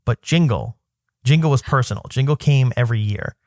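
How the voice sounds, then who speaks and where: A man in his thirties chats casually as a podcast co-host, winding through a story with lots of fillers and restarts. His voice sits at an ordinary middle pitch, and the recording is close and dry. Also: fairly quick, darkish tone, dry recording. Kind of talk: casual chat.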